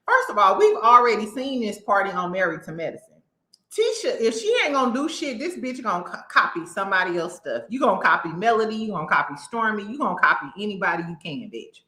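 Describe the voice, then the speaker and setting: A woman's voice: medium pitch, very animated, quick pace, sharp tone. Sassy blunt woman in a roomy space. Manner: blunt, sassy, cursing, mocking impressions. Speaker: reality TV commentary host. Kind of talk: casual opinionated commentary.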